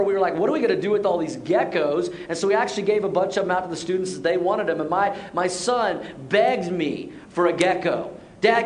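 A middle-aged man preaching a sermon, telling stories with restarts and dropping soft and low for serious points. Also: a little hiss or hum. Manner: storytelling, repeats words as he restarts. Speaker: pastor.

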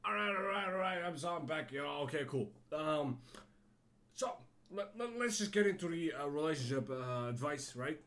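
A man's voice: fairly high pitch, lively intonation, normal speed, fairly bright tone. A man hosting a solo podcast, rambling casually with frequent restarts and little laughs. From Germany. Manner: rambling, self-correcting, laughs to himself. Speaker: podcast host.

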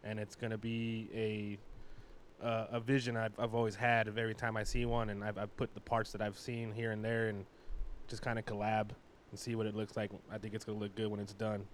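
A man's voice: on the low side, monotone, brisk. A man speaking as a podcast guest in casual chat, laid-back and rambling, laughing easily.

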